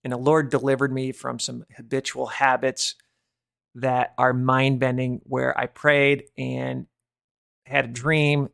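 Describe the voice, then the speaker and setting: Gravelly man in his fifties. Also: medium pitch, little pitch movement, slow pace, dry recording, studio quality. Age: 50s. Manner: earnest, confessional, trails off quietly. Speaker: host of a watchman ministry podcast. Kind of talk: casual religious testimony.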